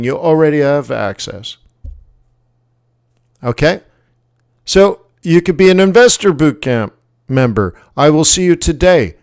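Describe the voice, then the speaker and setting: Chatty, clear-voiced Canadian man. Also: on the high side. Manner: rambling, jokey, self-correcting. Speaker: forex trading educator and stream host. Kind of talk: casual livestream talk.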